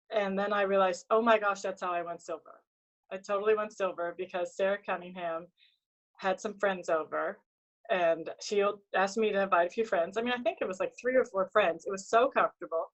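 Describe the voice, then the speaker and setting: A woman's voice: medium pitch, dull audio. A woman chatting casually on a video call from a tablet, talking freely with plenty of fillers. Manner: chatty, full of fillers, emotional. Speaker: team member sharing convention takeaways.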